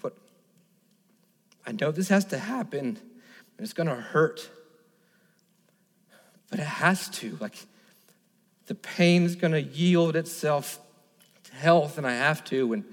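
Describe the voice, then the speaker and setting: A man in his thirties, a pastor preaching an earnest sermon, telling a personal story and building to emphatic repeated lines. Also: mid-range voice. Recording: long reverb of a large hall.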